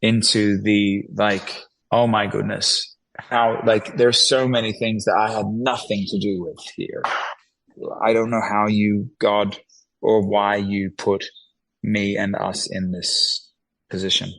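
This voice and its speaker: An earnest man speaks in a low, gravelly register. He keeps restarting his thoughts and slips into lively acted-out quotes as he reflects in conversation. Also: slow, low-quality recording. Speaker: guest, musician and filmmaker.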